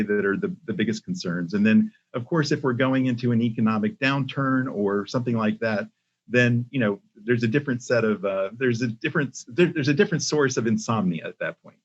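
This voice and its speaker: Older man, husky voice, muffled audio. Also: mid-range voice. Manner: measured, many ums and restarts. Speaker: podcast guest, company CEO. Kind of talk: casual interview talk.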